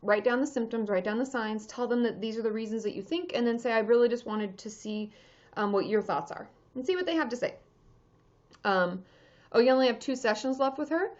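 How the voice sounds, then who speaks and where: A woman's voice: fairly high pitch, brisk. A woman therapist chatting casually on a livestream, answering viewer questions with lots of fillers and restarts. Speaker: therapist answering live chat. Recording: dull lo-fi livestream audio.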